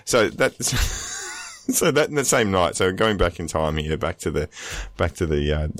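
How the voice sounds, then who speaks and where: A man's voice: big pitch swings, measured pace, a bit bright, dry recording. A man co-hosting a casual gaming podcast, telling stories with frequent laughter and restarts. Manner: laughing storyteller, lots of restarts, giggly high bursts. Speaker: podcast co-host.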